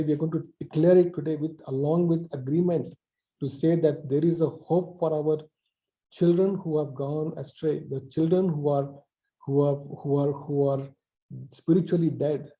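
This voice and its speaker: A man preaching a sermon over a video call, repeating phrases with emphasis and dropping softly at line ends. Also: fairly high pitch, highs cut off. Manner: repetitive, emphatic with soft drops.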